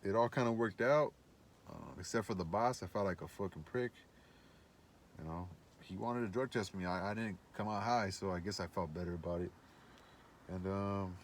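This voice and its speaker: A man with a lowish voice spins a rambling story, swearing often and circling back over his words. He sounds laid-back and unpolished. There is a faint hiss of noise behind him. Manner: rambling, profane, laid-back with many fillers. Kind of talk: casual storytelling monologue.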